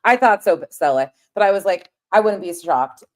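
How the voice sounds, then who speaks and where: A woman's voice: mid-range voice, lively intonation, moderate pace. A woman hosting a casual late-night livestream, talking straight to her viewers, swearing often and getting heated. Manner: paces around while talking. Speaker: livestream host reading chat.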